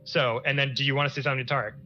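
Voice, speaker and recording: A man's voice: mid-range voice, rapid-fire, lo-fi sound, faint music behind. A man running a tabletop game as game master, upbeat and laughing, steering the players along. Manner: lively, laughing, keeps the table on track.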